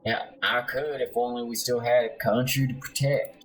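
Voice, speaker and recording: A man's voice: medium pitch, level tone, moderate pace, slight background noise, natural voice, low-quality recording. A man playing a heartbroken young deserter. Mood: mournful. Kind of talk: let's play voice acting.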